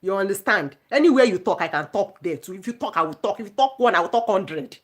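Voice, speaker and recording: A woman's voice: medium pitch, expressive, fast talker. A middle-aged woman talking casually to her viewers in an indignant, emphatic rant, repeating herself for force. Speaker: vlogger. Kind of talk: casual ranting monologue to viewers.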